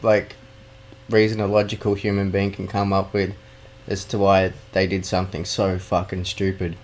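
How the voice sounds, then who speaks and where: Man, low voice, blunt and sweary, gaming podcast co-host. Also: monotone, normal speed, darkish tone. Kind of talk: casual chat.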